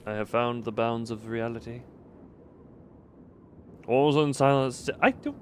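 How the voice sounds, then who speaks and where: A man's voice: mid-range voice, unhurried, slight background noise. A man streaming a horror game, giving rambling, jokey, self-mocking commentary as he plays. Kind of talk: casual gameplay commentary.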